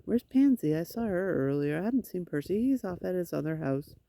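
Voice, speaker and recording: A woman's voice: lowish voice, expressive, a little fast, vocal fry, mellow. A woman venting in a rambling, frustrated monologue, swearing and talking to her cats outdoors on a road. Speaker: vlogger.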